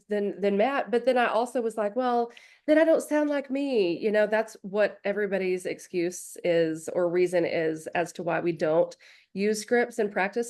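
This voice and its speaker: A woman's voice: mid-range voice, darkish tone. A woman co-hosting a real estate coaching podcast, talking in a candid, self-deprecating way. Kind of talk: casual podcast discussion.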